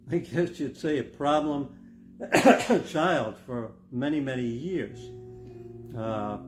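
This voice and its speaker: An older man, a pastor, preaching a sermon in an earnest, reflective way that builds to emphatic stress. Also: medium pitch. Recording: music playing behind the voice. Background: guitar music.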